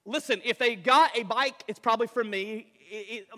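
A man preaching a sermon as pastor, animated, firing rhetorical questions at the congregation and slipping into quick impressions. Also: extremely high pitch, big-room sound.

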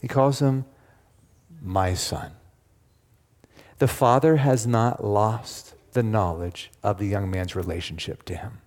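A man's voice: fairly low pitch, fairly even intonation, a little slow, few pauses, darkish tone. Man preaching in a reverberant hall. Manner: engaging, asks the congregation questions. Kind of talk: sermon.

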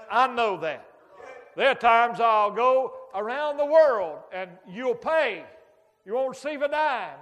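A man's voice: very high voice, fairly bright tone. A man preaching a folksy sermon, telling stories with sound effects and humor as a traveling preacher. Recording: long hall reverb.

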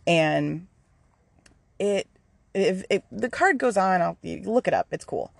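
Woman podcast host, candid chatty monologue, fry in the voice, dry room. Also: on the low side, animated, takes it slowly, dry recording. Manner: candid, swears freely, many fillers and restarts. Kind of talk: casual rambling monologue.

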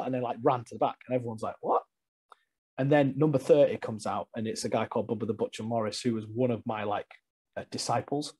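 A man's voice: mid-range voice, fast, slightly rough. A man, a guest wrestler, chatting casually in an interview and animatedly acting out the stories he tells. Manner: animated storyteller, acts out quotes.

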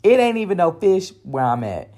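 A woman telling a personal story in a casual, animated way. She uses slang and fillers and often acts out her own panicked replies. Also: lowish voice, moderate pace.

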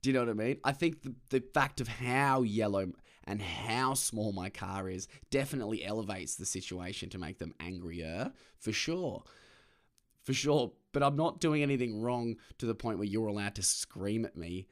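This is a young Australian man running a laid-back podcast from his parked car, where he rants, curses freely and mimics others. His pitch is fairly low and he moves at a moderate pace.

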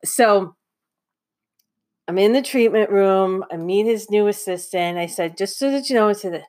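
A woman's voice: mid-range voice, unhurried, darkish tone. A woman casually telling a personal anecdote, often breaking into laughter and poking fun at herself. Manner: giggly, self-mocking, often laughs mid-sentence. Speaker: podcast host. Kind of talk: casual storytelling monologue.

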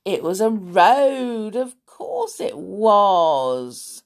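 A woman hosting a storytelling show, croaky from a sore throat, chatting playfully to young listeners. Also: medium pitch, extremely slow. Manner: playful, animated, with gasps and little laughs.

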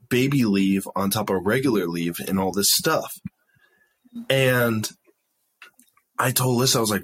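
A man's voice: lowish voice, breathy edge. A young man casually telling a profane, laughing story as a podcast guest.

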